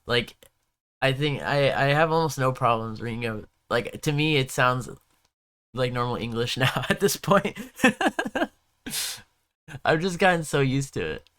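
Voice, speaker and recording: Chatty young male streamer, smooth voice. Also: mid-range voice, animated, measured pace, pauses often, a bit bright. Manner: rambling, chatty, self-correcting, answers chat questions. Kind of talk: casual live-stream chat.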